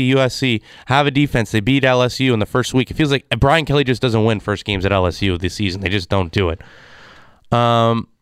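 Man, casual sports rant, exasperated, smooth clear voice, dry close sound. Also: mid-range voice, no room sound. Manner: exasperated, ranting. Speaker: sports commentator.

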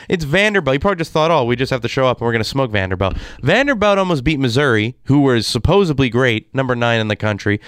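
A man's voice: medium pitch, a bit bright, clear, resonant tone, no echo, clean studio sound. Exasperated man ranting. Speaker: sports commentator. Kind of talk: casual sports rant.

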